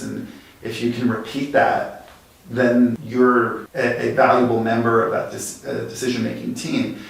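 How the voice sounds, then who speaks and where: A man speaking as a guest design executive, telling lively workplace anecdotes that speed up in quick bursts. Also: medium pitch, gravelly. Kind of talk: conversational storytelling. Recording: very echoey room, distant mic.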